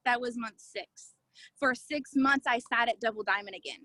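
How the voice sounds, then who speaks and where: Woman, high bright voice, fervent and emphatic, dry close sound on a video call. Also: normal speed, dry recording, poor audio. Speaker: network marketing distributor. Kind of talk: testimonial talk on a video call.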